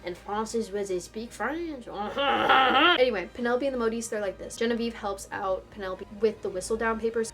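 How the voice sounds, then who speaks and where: A young woman ranting through a video essay commentary, sarcastic and exasperated, with some swearing. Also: medium pitch.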